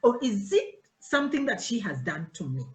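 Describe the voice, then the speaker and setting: In a reverberant, rough recording, a pastor's wife talks informally to her worship team about church matters. She speaks at medium pitch and a moderate pace, animatedly voicing different characters in acted-out conversations.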